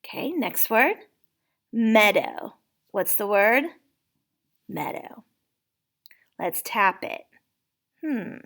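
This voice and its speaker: A woman's voice: mid-range voice, lively intonation, very slow, long pauses, a bit bright. A woman teaching a spelling lesson, patiently sounding out words letter by letter for a child.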